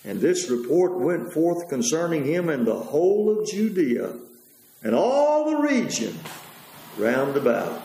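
A man preaching a sermon in a rambling way, pausing on fillers and correcting himself as he goes. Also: a little high, very animated, warm tone, reverberant, poor audio.

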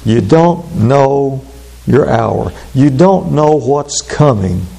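A man preaching a sermon, speaking slowly and deliberately, then breaking into quick asides. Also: medium pitch, expressive, creaky, dark tone, husky. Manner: measured, drawn-out delivery with sudden fast asides.

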